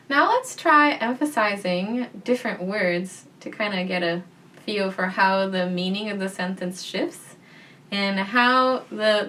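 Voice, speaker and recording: A young woman guiding a gentle voice practice in a soft, calm, reassuring way. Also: medium pitch, far from the mic. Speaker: voice teacher.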